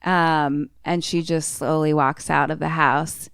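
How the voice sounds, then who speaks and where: Young woman podcast co-host, unhurried, dry close sound, cheerfully foul-mouthed storyteller. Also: sits low, steady tone, gravelly, a bit bright, smooth, dry recording. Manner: profane, laughing storyteller. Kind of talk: casual movie recap chat.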